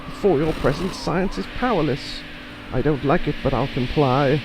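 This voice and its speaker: A man's voice: a little high, moderate pace, over music, voice pushed up, close to an everyday voice, low-quality recording. A man voicing a gleeful, fanatical older mad scientist in a video game, cackling as he speaks.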